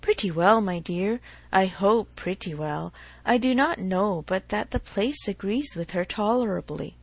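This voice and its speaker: A woman reading a fretful old gentleman. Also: medium pitch, animated, measured pace, slightly rough, dry recording, low-quality recording. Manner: sighing, plaintive. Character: fretful, melancholy elderly gentleman.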